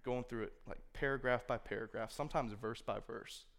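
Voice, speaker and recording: Addressing a room of young people with a live audience, a youth speaker gives a loose, conversational sermon at normal speed. His medium-pitched voice is a bit bright with vocal fry, and he leans heavily on "like" while voicing imagined thoughts.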